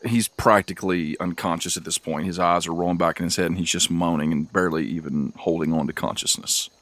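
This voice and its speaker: A man's voice: deep voice, steady tone, fairly quick, fairly bright tone, no room sound. A man running a tabletop game as game master, narrating scenes in an easygoing way and often laughing.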